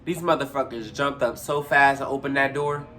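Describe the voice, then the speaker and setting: A young man casually telling a story, profane and animated, jumping high in pitch when he acts out scenes. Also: normal speed. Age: young adult. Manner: animated, profane, retells with big pitch jumps.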